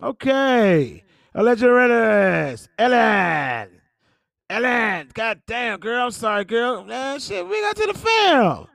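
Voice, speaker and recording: This man's voice is extremely high, gravelly and fairly bright, swinging widely in pitch at a slow pace. Hosting a celebrity gossip podcast, he reads headlines and responds with laughter and swearing, recorded in studio quality with no room sound.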